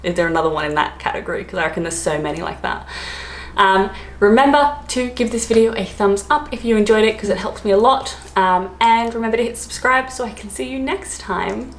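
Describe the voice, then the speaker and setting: A woman's voice: mid-range voice, a little fast, roomy sound, slight background noise. A woman in her thirties from Australia with an Australian accent, chatting casually to camera, laughing often between many fillers. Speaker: vlogger.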